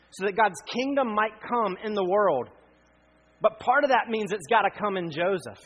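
Guy preaching a sermon, kinda husky, higher voice, earnest w lots of pauses. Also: rough recording. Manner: earnest, pausing often, building to emphatic appeals. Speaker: pastor.

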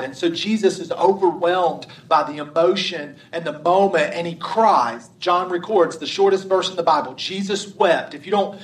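A man's voice: sits high, roomy sound, recorded from a distance, rough recording. A man preaching a sermon as pastor, in a conversational, restarting style.

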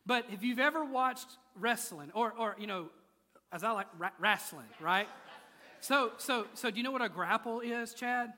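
A man's voice: very high voice, normal speed, pushed and bright. A man preaching a sermon in a church, moving from playful asides to intense, rising appeals. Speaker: pastor. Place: church sanctuary. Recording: large hall with long reverb.

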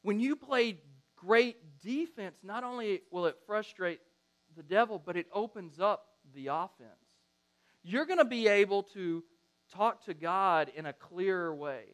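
A middle-aged preacher delivers a sermon in a high-pitched voice. He tells stories with lots of animation and acts out the lines of the people in them. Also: measured pace. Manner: animated storytelling, acts out quotes. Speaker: pastor.

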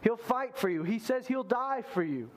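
A male pastor preaching a sermon in an animated way, acting out the voices he quotes. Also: very high-pitched, normal speed, slight background noise.

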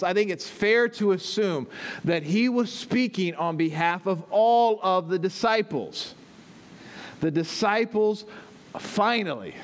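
The pastor, a man whose voice sits high, preaches a teaching sermon, explaining things step by step and checking in with his listeners as he goes.

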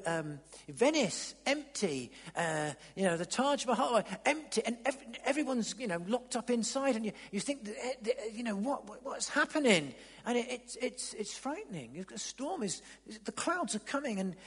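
Animated preacher in echoing hall. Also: male voice, high voice, husky. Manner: dramatic, swings from loud to near-whisper. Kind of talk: evening church sermon with Bible reading. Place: church hall. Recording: long reverb in a large hall.

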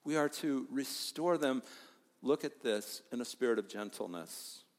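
A man preaching a sermon as pastor, emphatic, with loud stresses and hushed asides. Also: mid-range voice, expressive, measured pace. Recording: long hall reverb.

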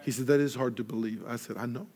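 Animated storytelling pastor, a man. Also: medium pitch, quick pace, soft background music. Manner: animated storyteller, acts out dialogue, grows loud in excitement; drops soft and quiet for earnest moments. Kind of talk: sermon with storytelling.

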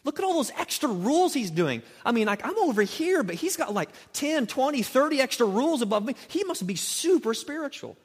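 A high, breathless male churchgoer gushing in awe, as a preacher puts him on, heaping praise on a showy holy man. His words ring out with a long reverb from a large hall. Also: big pitch swings, a little fast, hardly any pauses, husky, full character voice.

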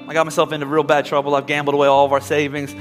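A man's voice: a little high, completely flat delivery, very fast, long reverb tail, faint music behind, voice pushed down, natural voice. A man voicing a desperate, indebted gambler confessing to a counselor. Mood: panicked. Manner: anxious, confessional.

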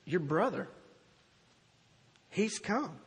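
A preacher voicing a matter-of-fact servant. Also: male voice, high voice, big pitch swings, very slow, husky, long reverb tail, full character voice. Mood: plain. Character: male servant delivering news.

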